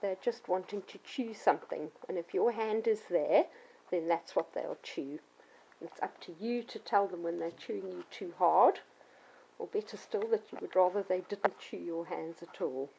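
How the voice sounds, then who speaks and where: A woman's voice: on the low side, normal speed, mellow, a little hiss or hum, low-quality recording. Patient woman teaching puppy care. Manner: clear, patient explaining, acts out yelps and children's voices. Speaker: dog trainer. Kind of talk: instructional talk to children and parents.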